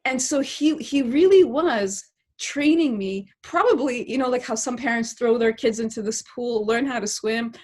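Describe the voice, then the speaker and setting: A middle-aged woman with a fairly high voice, speaking as a podcast guest. She tells a reflective story in long, earnest, winding sentences. She keeps checking in with her listener with a quick "right?". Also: darkish tone. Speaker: podcast guest, political science professor.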